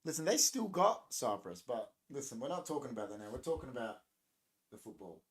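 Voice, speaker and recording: A young male livestream host with a mid-range, slightly rough voice talks fairly quickly, his pitch swinging widely. Loose and jokey, he rambles through casual stream chat, riffing on and reacting to comments from viewers.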